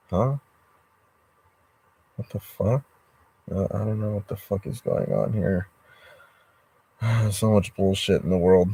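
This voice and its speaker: A man's voice: deep voice, dark tone. A man sitting in a parked car during a livestream, reading chat comments and venting in a rambling, profane, frustrated way. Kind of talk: rambling live-stream chat. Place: inside a parked car in a driveway.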